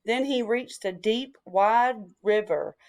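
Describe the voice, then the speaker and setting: Woman reading a storybook slowly. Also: fairly high pitch. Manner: slow, deliberate reading. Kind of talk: reading a picture book aloud.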